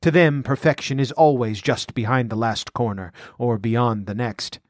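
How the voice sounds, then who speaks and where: A man voicing a scheming, ambitious outlaw noble who speaks in a measured, scornful, domineering way. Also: medium pitch, no echo, studio quality, natural voice.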